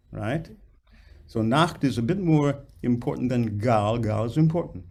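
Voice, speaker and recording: An older man teaching a voice masterclass, patiently coaching a singer on diction and demonstrating words slowly. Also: warm tone. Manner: patient, demonstrates phrases by singing them in falsetto-high lines; precise about diction, models words slowly.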